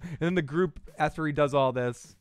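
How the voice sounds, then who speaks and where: A fairly high-voiced man with a Boston accent riffs loosely as a show host, cursing and joking as he goes. His voice is smooth and clean, recorded close and dry. Faint music sits far behind him. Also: moderate pace, no room sound. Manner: profane, rambling, jokey riffing. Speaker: podcast host recapping a TV episode. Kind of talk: casual review chat.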